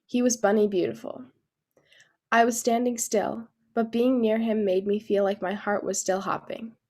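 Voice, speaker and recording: A woman reading a children's storybook aloud at a church service, light and gentle. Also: mid-range voice, flat delivery, normal speed.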